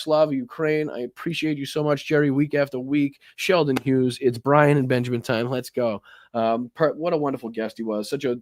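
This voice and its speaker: A man's voice: medium pitch, no echo. A man with a Boston accent hosting a live stream, chatting casually, swearing now and then and thanking viewers by name.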